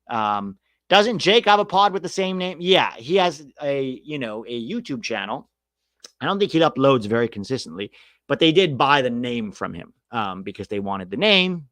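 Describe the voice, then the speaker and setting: A man's voice: medium pitch, fairly bright tone, no room sound. A man hosting a casual soccer podcast, talking bluntly and sarcastically, swearing freely as he answers viewers. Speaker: soccer podcast host reading live chat. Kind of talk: casual opinionated chat.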